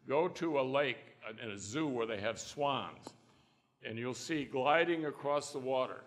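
A man's voice: mid-range voice, fairly bright tone. Folksy older man telling stories in a hall. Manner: folksy storyteller who acts out quotes. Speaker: trial lawyer on a panel. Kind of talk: anecdotal panel talk. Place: conference hall. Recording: long reverb in a conference hall.

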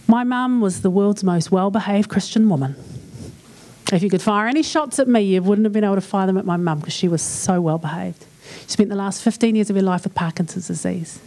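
A woman's voice: mid-range voice, dark tone. A woman with a New Zealand accent giving a humorous talk at a church conference, chatting and acting out little dialogues. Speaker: conference speaker.

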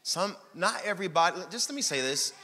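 Male pastor, bright forceful tone, fairly high voice, joking, shouts at times, church hall reverb. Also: fairly quick. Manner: energetic, shouting bursts and joking asides. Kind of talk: sermon. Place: church sanctuary.

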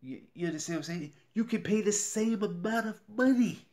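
A man giving an emotional, repetitive sales pitch straight to the viewer, pleading and getting heated. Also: animated, a little fast, a little mellow. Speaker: YouTuber promoting a tax service. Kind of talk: direct-to-camera sales pitch.

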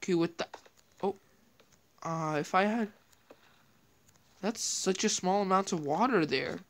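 A woman's voice: on the low side, unhurried. A woman hosting a gameplay video, thinking aloud in casual, rambling commentary as she plays.

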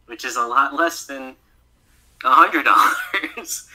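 A man's voice: mid-range voice, lively intonation, slow pace, pushed and bright, poor audio. A man, a guest voice actor, chatting casually on a podcast, laughing often and filling his speech with "like".

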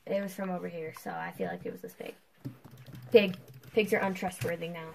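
A young adult woman chatting casually while playing a game, excitable and quick to poke fun at herself. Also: on the low side, gravelly, slight background noise, low-quality recording. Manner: chatty, excitable, self-mocking. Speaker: gamer. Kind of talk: casual gameplay chat.

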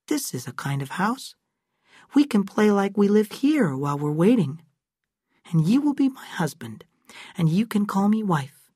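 A reader voicing a young girl who talks in a soft, coaxing way. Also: medium pitch, sing-song, unhurried, breathy edge, no room sound, clean studio sound, pitched above the performer's own voice. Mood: gentle. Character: young girl, calm and motherly.

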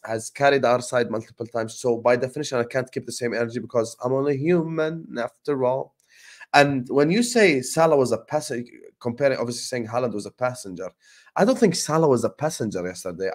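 A young man hosting a casual football live stream, slangy and animated as he shouts out viewers. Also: mid-range voice. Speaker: host.

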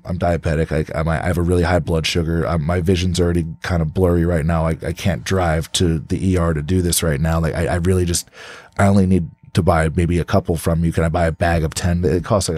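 A deep-voiced man from California talks as a podcast guest, recorded close and dry. He tells his story loosely. He keeps saying "like", restarts his sentences and swears freely. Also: darkish tone, no echo. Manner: rambling, peppered with "like", frequent restarts and swearing. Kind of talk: casual storytelling.

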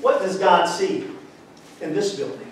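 A male pastor preaching a fervent sermon, calling out to the congregation and rising to shouts. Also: high-pitched, measured pace, a little hiss or hum. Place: church sanctuary. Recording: echoey church hall, far from mic.

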